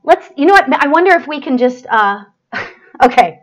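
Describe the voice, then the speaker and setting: A woman's voice: high voice, lively intonation, moderate pace, a bit bright. A woman hosting a live stream as a psychic medium, chatty and flustered, apologizing and laughing as she gives readings.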